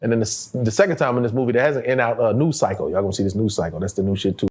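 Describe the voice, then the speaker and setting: Over music, a middle-aged male actor talks very fast in a fairly low voice during a casual interview. His storytelling is lively and profane, full of laughs and voiced impressions of the people he quotes.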